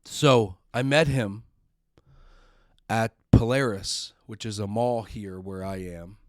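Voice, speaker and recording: Man, middle-aged, podcast host, slow earnest storytelling, emotional, dry close sound. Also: on the low side, darkish tone, no echo. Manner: earnest, emotional, repeats words when upset. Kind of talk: personal storytelling monologue.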